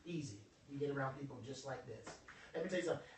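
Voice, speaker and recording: Animated man speaking in an echoey room. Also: medium pitch, very fast, recorded from a distance, a little hiss or hum. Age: adult over twenty-five. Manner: animated, joking, preacher-like delivery. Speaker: motivational speaker. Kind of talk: motivational workshop talk.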